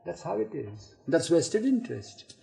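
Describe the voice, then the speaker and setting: An older man telling a spiritual story, halting and repeating words, with laughs, on an archival tape recording. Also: a little high, very animated, vocal fry, warm tone, faint music behind, low-quality recording. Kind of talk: spiritual reminiscence talk.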